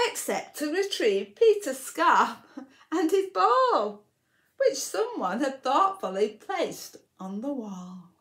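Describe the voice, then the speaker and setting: A woman reading a rhyming picture book aloud to children for a library storytime, very expressive, with whispered asides. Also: high-pitched.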